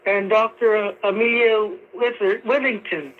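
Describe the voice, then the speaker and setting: A man's voice: high voice, steady tone, unhurried. A male caller on a radio show who rambles and halts, with many fillers. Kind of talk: radio call-in. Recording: tinny phone line on radio.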